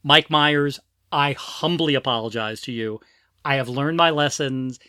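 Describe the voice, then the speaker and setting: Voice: mid-range voice, a little slow, bright, forceful tone, dry recording, clean studio sound. A podcast host chatting casually and poking fun at himself, who sometimes giggles. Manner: self-deprecating, giggly.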